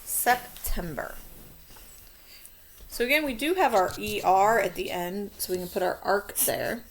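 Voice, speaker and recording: A woman teaching a children's spelling lesson, dictating words slowly and walking through how to mark each syllable. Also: mid-range voice, lively intonation, a little hiss or hum. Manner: slow, stretched-out word dictation.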